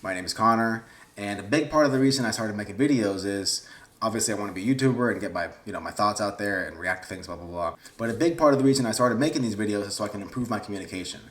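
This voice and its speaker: A man's voice: on the low side, very fast, fairly bright tone. A young man, vlogging casually in a rambling, awkward, self-deprecating way. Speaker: YouTuber. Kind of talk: casual vlog talk to camera.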